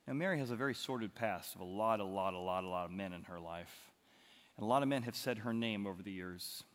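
A man preaching a sermon as pastor, telling the story dramatically with big swings in loudness. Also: on the low side, quick pace, big-room sound. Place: church hall.

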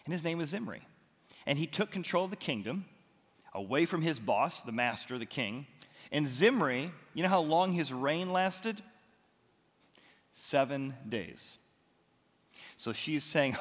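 A man preaching in a church sanctuary, his voice fairly high and bright with a forceful edge. He tells the story with dramatic flair, and the long reverb of the big hall trails after each phrase. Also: big pitch swings, a little slow, long pauses, slightly rough. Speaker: pastor. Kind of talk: expository sermon.

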